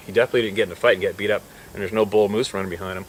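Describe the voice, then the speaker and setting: A swearing, animated hunting guide, a man. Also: on the low side, racing, hardly any pauses, a little hiss or hum. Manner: swearing, animated storyteller who swings between hushed and loud. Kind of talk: casual storytelling to camera.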